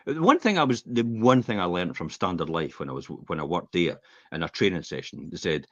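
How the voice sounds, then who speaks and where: A middle-aged Scottish man chatting on a podcast, spinning rambling stories and slipping into other people's voices. His lowish voice swings widely up and down as he talks. The sound is dry and dull, like a modest lo-fi recording. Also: a little fast, no room sound. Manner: rambling, animated storyteller who acts out quotes. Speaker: podcast co-host. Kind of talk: casual chat, anecdotal storytelling. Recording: dull, slightly lo-fi podcast audio.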